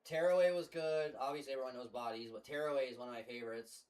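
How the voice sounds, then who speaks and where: While streaming a game, a man chats casually on a headset mic, spinning rambling stories and swearing freely. His mid-range voice is steady and a bit dark, and he talks fast. The recording quality is low.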